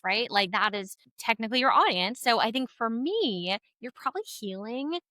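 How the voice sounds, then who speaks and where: Bright, upbeat woman podcast co-host. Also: medium pitch, dry recording. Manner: warm, encouraging, upbeat. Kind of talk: casual interview chat.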